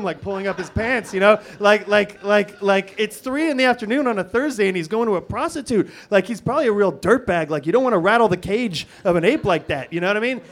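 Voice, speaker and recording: A middle-aged man telling a comic personal story, halting and full of restarts, swinging between hushed and excited. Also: high-pitched.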